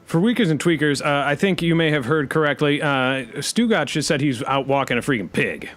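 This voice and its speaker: A man hosting a comedy podcast, rambling deadpan and packing every sentence with the same filler word. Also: a little high, fairly quick. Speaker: podcast host.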